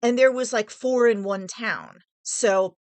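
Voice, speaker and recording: A woman's voice: on the high side, takes it slowly, clean tone, no room sound. A woman casually telling a personal story in a rambling, digressive way, thinking aloud as she goes.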